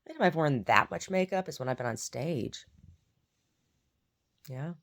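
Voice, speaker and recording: A woman chats casually to camera about her day. Her voice sits low with a gravelly fry, yet her pitch rises and falls in a lively way. She rambles and circles back over her own words. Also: moderate pace. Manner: rambling, repeats herself, chatty. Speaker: painter vlogging her day. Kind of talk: casual chat.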